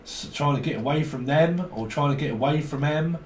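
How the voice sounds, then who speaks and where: A man's voice: a little high, a little fast, roomy sound, slight background noise. A man doing a tarot reading, rambling and jokey, often giggling. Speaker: tarot reader.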